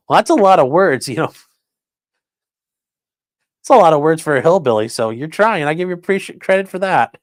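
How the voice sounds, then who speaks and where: A man's voice: a little high, lively intonation, moderate pace, pauses often, no echo. Sarcastic mocking man on a dry mic. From rural area. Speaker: livestream host. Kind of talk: casual livestream commentary reading chat.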